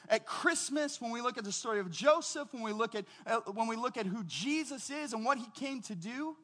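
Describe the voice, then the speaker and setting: Male pastor, middle-aged, higher-pitched voice, casual conversational preaching, tells stories. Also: pushed and bright. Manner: conversational, storytelling with quoted voices. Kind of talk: sermon.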